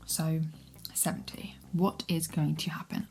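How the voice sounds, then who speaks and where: A woman's voice: low voice, flat delivery, slow pace, a little mellow. Chatty young woman rambling about a book. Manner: chatty, rambling, giggly, drops into whispers. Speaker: book vlogger. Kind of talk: casual reading vlog chat. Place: cosy room at home with rain and fireplace sounds.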